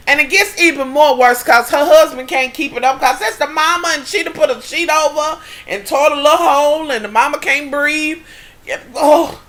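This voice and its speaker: A woman vlogger recapping a TV episode in a casual chat, animated and profane, with dramatic exclamations. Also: high voice, moderate pace.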